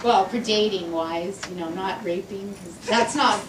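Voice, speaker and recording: A female stand-up comic performs a set in a club, sounding sarcastic and irritated but with a playful edge, her mid-range voice a little slow. The sound is roomy and distant, with heavy background noise from a loud, laughing crowd.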